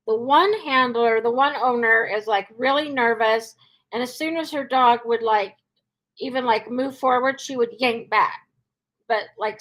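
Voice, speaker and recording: A woman's voice: fairly high pitch, fairly bright tone. A woman dog trainer answering questions in a live Q&A, chatty, with many fillers, acting out cheerful cues. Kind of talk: live Q&A advice.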